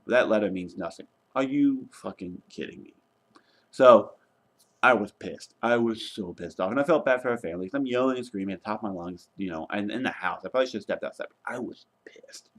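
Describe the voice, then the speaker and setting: A young man vlogging casually, retelling a travel mishap in an exasperated, animated way and swearing now and then. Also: fairly low pitch. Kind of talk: casual travel vlog rant.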